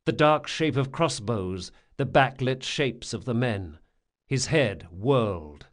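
Male narrator, audiobook reading, dramatic, lively pitch, mid voice. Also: slow pace.

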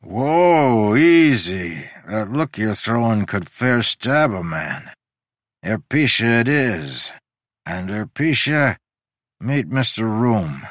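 A man voicing a drunk, gruff, boastful man in an audiobook, loud and blustering with a slurring delivery. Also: fairly low pitch, very animated, slow pace, no room sound, clean studio sound, voice pushed up. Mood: drunken. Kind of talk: audiobook character reading.

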